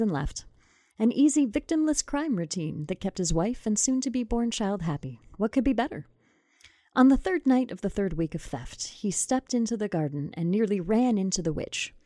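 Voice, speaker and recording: A woman narrating a comic fairy tale in a scripted, wry tone with playful asides. Her voice sits at a middle pitch. It is recorded close to the mic in a dry, dead space. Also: dark tone, dry recording. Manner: whispered intro. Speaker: storyteller.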